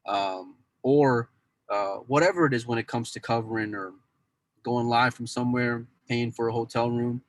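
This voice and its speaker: A man's voice: mid-range voice, normal speed, no echo, poor audio. A man on a podcast talking casually about his work as a pool news insider and cue dealer, rambling with many restarts.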